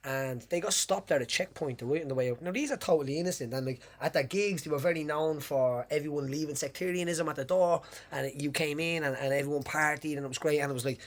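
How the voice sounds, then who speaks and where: This Irish man hosts a loose podcast chat, rattling through a story at a brisk clip. His voice sits a touch high for a man, and he rambles with lively energy and the odd curse. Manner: rambling, animated storyteller with swearing. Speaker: podcast host.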